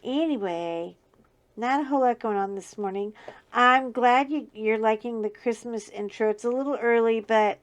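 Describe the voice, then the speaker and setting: A middle-aged woman who hosts a crafting channel chats casually while diamond painting, laughing often as she talks through her work. Her scratchy voice sits on the high side, and she keeps a moderate pace.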